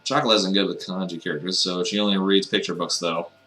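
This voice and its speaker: A low-voiced man with a bright, forceful edge to his sound reads game text aloud. He keeps breaking off into wry, mocking asides, playing the dialogue for laughs. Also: fairly even intonation, fast talker. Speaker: let's player reading a visual novel aloud. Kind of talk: comedic reading with sarcastic asides.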